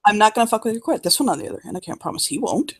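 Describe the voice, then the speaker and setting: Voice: mid-range voice, expressive, very fast, husky, voice pushed up. A player doing a teasing male companion. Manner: playful and teasing. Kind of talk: improvised role-play.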